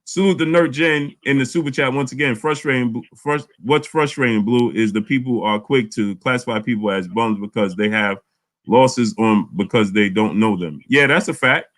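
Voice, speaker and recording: A man hosting a casual live boxing chat, animated, often repeating words. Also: mid-range voice, normal speed. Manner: animated, repeats words, reads super chats aloud. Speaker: boxing channel host.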